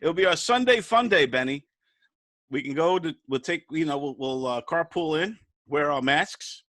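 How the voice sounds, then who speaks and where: Upbeat excitable male comedy show host. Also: on the high side, moderate pace, no room sound. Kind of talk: casual chat on a comedy show. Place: home, remote.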